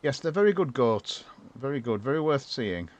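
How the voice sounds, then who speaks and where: A man's voice: mid-range voice, very animated, moderate pace. A man from chatting casually while he builds in a game, rambling and answering his chat as he goes. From northern England. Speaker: streamer. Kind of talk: casual gameplay commentary.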